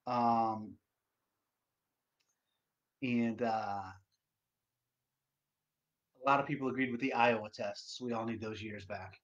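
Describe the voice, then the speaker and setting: A man hosting a casual solo livestream, loud and profane, rambling to his viewers. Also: lowish voice, fairly even intonation, takes it slowly, long pauses. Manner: loud, profane, rambling, sings along to music. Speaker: livestream host. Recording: dull lo-fi stream audio.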